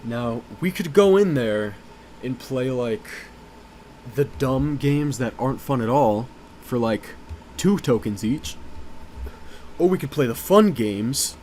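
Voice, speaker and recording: Man for a casual storytime vlog, average pitch, rambling and profane delivery. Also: expressive, takes it slowly, a little mellow, slight background noise. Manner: rambling, profane, lots of "uh" and "you know".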